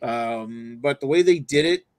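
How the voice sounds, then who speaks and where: A man's voice: medium pitch, a little slow, no echo. Rambling man hosting a beer show. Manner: rambling, lots of fillers and restarts. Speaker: host. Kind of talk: casual beer review livestream.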